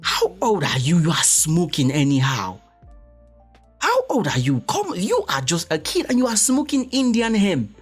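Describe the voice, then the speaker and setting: A man's voice: wildly swooping pitch, normal speed, breathy edge, soft background music, full character voice. A man voicing a scandalized West African neighbor who scolds a child and urges the parent on, in a West African accent. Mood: scolding. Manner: shrill, outraged, egging on.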